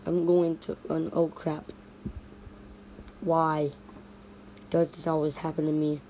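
A woman's voice: deep voice, monotone, slow, dark tone, slight background noise. A woman narrating a playful toy stop-motion story in repetitive, sing-song toy voices.

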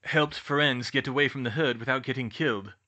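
A man's voice: mid-range voice, a little fast, pushed and bright. A man voicing a cheeky teenage boy wizard, casual and chummy.

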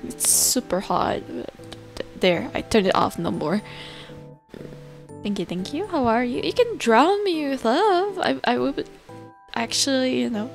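A woman's voice: on the high side, vocal fry, a little mellow. A young adult woman live-streaming, chatting casually into a close desk mic, giggly and rambling, swearing casually. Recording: live stream with faint music. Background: faint background music.

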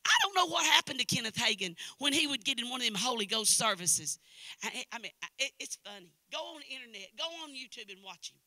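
Casting: older Southern woman preacher with an East Tennessee accent and a high, piercing voice; emphatic and repetitive, swinging from loud to hushed, recorded dry. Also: animated, fast talker, no room sound. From Knoxville, Tennessee. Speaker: guest preacher. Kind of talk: sermon. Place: church service.

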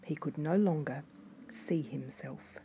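A woman reading a fairy tale aloud in a hushed voice that often drops to a whisper. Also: low voice, slow pace, a little hiss or hum. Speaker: storyteller.

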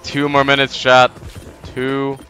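A young man streaming a game, swinging between mock-sincere talk and loud excitement. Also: mid-range voice, slow. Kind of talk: live game stream chat. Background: game music.

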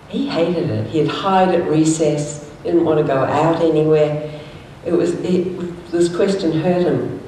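A woman minister giving a conversational sermon, telling anecdotes and stories and animating the quoted speech. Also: warm tone. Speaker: minister, speaker. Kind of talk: sermon with storytelling. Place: church hall. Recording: echoey hall from far off, faint rumble.

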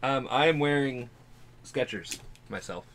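A man's voice: mid-range voice, a little slow, a bit bright, slight background noise. A man co-hosting a music reaction video, talking loosely and rambling through a late-night chat while wearing a face mask. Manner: loose and rambling, swears casually, fidgety. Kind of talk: casual chat reacting to a song.

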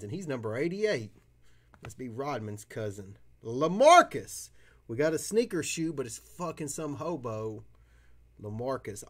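Man, card-break stream host, casual, profane, boisterous, mid-range voice. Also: medium pitch. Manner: profane, boisterous, whoops loudly at big pulls. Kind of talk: casual chat while opening trading cards.

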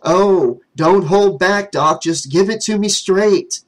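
A man's voice: high-pitched, animated, slow, a bit bright, pitched above the performer's own voice, full character voice. A man voicing a frustrated young man who complains with exasperation and sarcasm. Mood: sarcastic.

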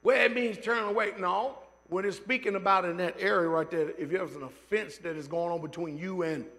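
High-voiced, fired-up preacher. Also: male voice, fairly quick, fairly bright tone. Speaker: pastor. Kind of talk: sermon. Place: church sanctuary.

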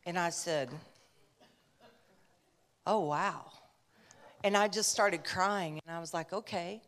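A woman preacher with a somewhat low voice, speaking in a relaxed, conversational sermon style. She tells stories from the pulpit and drops in chatty asides as she goes. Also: a little slow.

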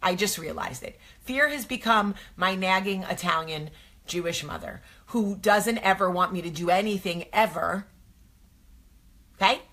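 A woman's voice: mid-range voice, a little slow, a bit bright. A woman host, talking casually and animatedly to her viewers, asking rhetorical questions. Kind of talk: casual motivational talk to viewers.

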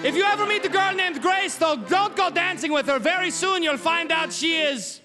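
A man putting on a thick French accent, high-pitched. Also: moderate pace. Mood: self-mocking. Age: 30s. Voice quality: heavy put-on French accent, shouty punchlines. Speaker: stand-up comedian. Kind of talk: stand-up comedy on stage. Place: large theater stage with audience. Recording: stage mic with loud crowd and music. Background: loud crowd and music.

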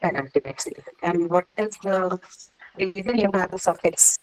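A woman's voice: fairly low pitch, moderate pace, rough recording. Patient woman teaching an online English class. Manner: patient, explanatory, repeats "correct" and "right".

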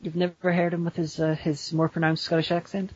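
A man's voice: fairly high pitch, monotone, a little fast, darkish tone, slightly rough, no echo, lo-fi sound. A man co-hosting a podcast in casual chat, rambling and breaking into silly voices. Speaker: podcast co-host.

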